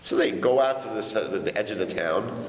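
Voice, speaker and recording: A male rabbi telling a story in an animated way, acting out the quotes. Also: fairly low pitch, moderate pace. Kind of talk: storytelling lecture. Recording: dull echoey hall, faint noise.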